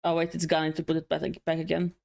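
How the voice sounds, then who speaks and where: Woman, lowish voice, dry teasing, casual stream banter. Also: monotone, very fast, creaky, a little mellow. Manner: dry, teasing, confused remarks.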